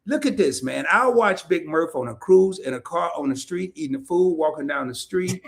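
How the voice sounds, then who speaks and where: A man hosting a casual livestream interview, chatty and animated, laughing often as he reads comments. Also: fairly high pitch, normal speed, vocal fry. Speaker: podcast host. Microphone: streaming setup, remote call.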